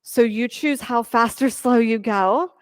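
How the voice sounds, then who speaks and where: A woman teaching a yoga class, giving steady counting cues and encouraging her students. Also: a little high, unhurried, no room sound, studio quality. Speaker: yoga instructor. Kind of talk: leading a live yoga class.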